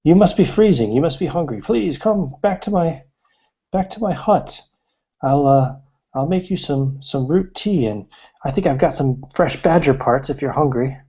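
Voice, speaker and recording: A man voicing a friendly, fussy old male mountain hermit who frets and talks in a high, kindly voice. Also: moderate pace, dark tone, breathy edge. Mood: fussing. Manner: high, fretful and overly kind. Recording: dull lo-fi recording.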